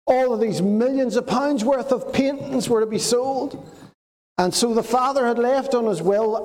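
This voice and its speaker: A man preaches to children, spinning a story in a slow, dramatic way. His voice sits high and he takes his time over each phrase. He is heard in a roomy hall with a long, ringing reverb. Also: a little mellow. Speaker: preacher giving a children's talk. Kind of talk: storytelling sermon. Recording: echoey hall, faint noise.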